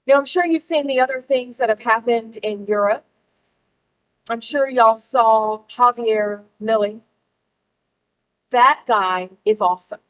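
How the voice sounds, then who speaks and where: A middle-aged woman speaking to a live crowd, emphatic and rallying, with pauses for effect. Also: a little high, a bit bright, poor audio. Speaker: speaker at a political gathering. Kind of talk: public speech to a live audience.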